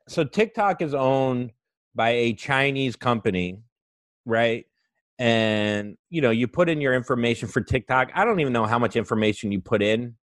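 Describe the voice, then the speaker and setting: A man's voice: mid-range voice, no room sound, clean studio sound. A young adult man hosting a comedy podcast, ranting sarcastically with lots of swearing and mock voices. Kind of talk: comedic monologue.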